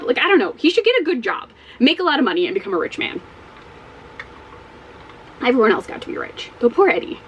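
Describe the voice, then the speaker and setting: Lively, exasperated woman vlogger. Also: on the high side, rough recording. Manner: animated and exasperated, swears often. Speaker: book vlogger. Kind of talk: casual spoken book review.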